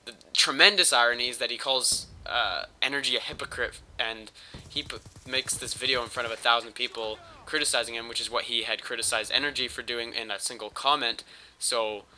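A man's voice: medium pitch, fairly even intonation, brisk, bright, forceful tone, slight background noise. A man with a cold, rambling and joking crudely as he talks over his gameplay footage on a home mic. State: sick with a cold. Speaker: gaming channel host.

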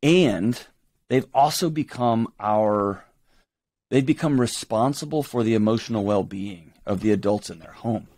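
A man speaking as a guest in an interview, emphatic and animated, acting out quoted voices as he talks. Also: fairly low pitch, measured pace, dry recording. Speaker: guest author. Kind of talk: conversational interview.

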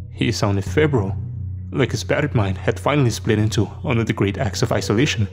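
A man's voice: medium pitch, moderate pace, gravelly, a little mellow. A man telling a horror story in a tense, dramatic scripted narration. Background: faint music.

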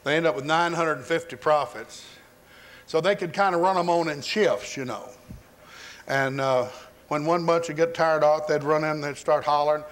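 A man's voice: a little high, moderate pace, fairly bright tone. A man preaching a sermon, telling a story in a folksy, humorous style.

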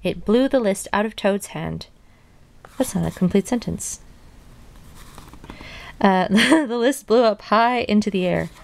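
A young woman reads a children's storybook aloud, pausing for chatty asides between passages. Her voice sits at a middle pitch with a steady gravelly fry. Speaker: reader of children's books. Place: her mother's house.

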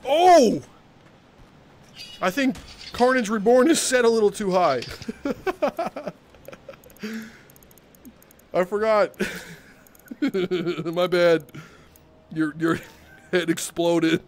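A man live-streaming a game, joking with his chat, with bursts of laughter and loud theatrical exclamations. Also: high voice, very slow, long pauses.

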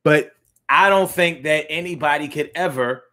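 A man's voice: on the high side, normal speed, sharp tone. A man hosting a casual live-stream talk show, chatting loosely with slang and lots of restarts, reading viewer comments aloud.

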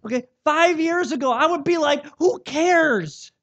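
A young man preaching a sermon as pastor, telling stories with animated, self-mocking energy and frequent restarts. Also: very high voice, brisk, lo-fi sound.

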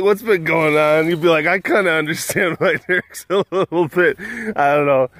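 A middle-aged man with a slightly high voice hosts a casual vlog about a big cat sanctuary. He talks in a rambling, hesitant way packed with fillers, and the recording has no echo.

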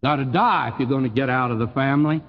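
An older man with a Texan accent preaching a sermon in a folksy, emphatic way, his voice swooping high on key phrases and dropping low. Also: fast, long reverb tail, muffled recording. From Texas. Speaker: pastor.

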